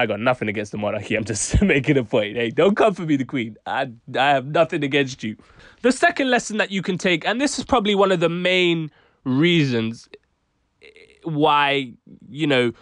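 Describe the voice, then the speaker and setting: A man's voice: mid-range voice, a bit bright, no room sound, clean studio sound. A young British man giving exasperated, slangy opinion commentary on a vlog. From United Kingdom. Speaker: commentary YouTuber.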